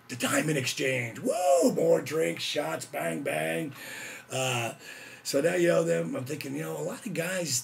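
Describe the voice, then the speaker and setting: An excitable middle-aged man with a gravelly, fry-laden voice tells a story in a loose, casual way. He whoops, gets loud and acts out what people said. A faint hiss sits under the recording. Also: mid-range voice. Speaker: host telling a story.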